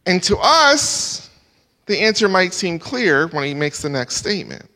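Male preacher, expository sermon, animated rises and hushed drops, church hall echo. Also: high voice, measured pace. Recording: long hall reverb.

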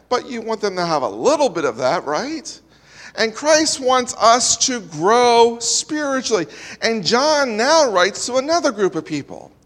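A man's voice: high voice, a bit bright. A man preaching a sermon as pastor, emphatic and building his points with repeated parallel lines. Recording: reverberant hall.

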